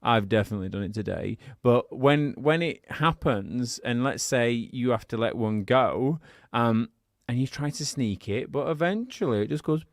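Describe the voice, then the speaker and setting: A man co-hosting a podcast in loose, giggly banter, his pitch swinging widely as he rambles and teases. The sound is dry and close, with no room around it. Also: animated, moderate pace, hardly any pauses, no room sound. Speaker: podcast co-host.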